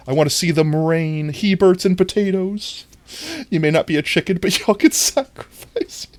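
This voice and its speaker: At normal speed and with no room sound, a streamer chats playfully while gaming live. They giggle a lot and keep jumping into a squeaky high voice, speaking into a desk mic.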